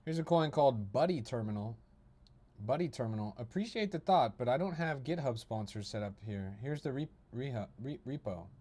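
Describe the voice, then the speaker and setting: A man's voice: medium pitch, lively intonation, normal speed, dark tone. A young man hosting a crypto livestream, reading his chat aloud and mocking it with a profane, ranting manner.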